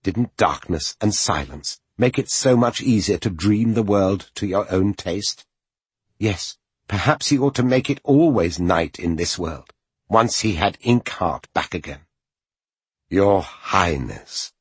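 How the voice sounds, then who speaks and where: A man reading an audiobook as its narrator, in expressive, measured storytelling. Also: lowish voice, slightly rough, no echo.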